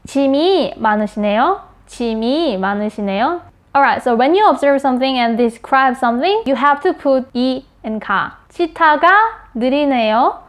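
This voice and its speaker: Quick, high-voiced Korean teacher woman. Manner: repeats example phrases quickly and checks in with "okay?" and "right?". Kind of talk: explaining grammar with spoken example sentences.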